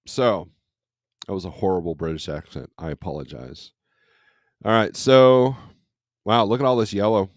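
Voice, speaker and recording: Low-voiced guy doing a chill morning stream from home, rambling on, dry no-echo room. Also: darkish tone. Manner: laid-back, rambling, reads viewer comments aloud. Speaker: livestream host, trucker. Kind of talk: casual chat. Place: at home, not in a truck.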